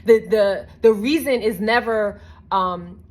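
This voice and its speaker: A woman telling a personal story in a casual vlog, animated and earnest, with many "I'm like" asides and a reflective, faith-minded close. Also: mid-range voice, slow. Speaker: vlogger.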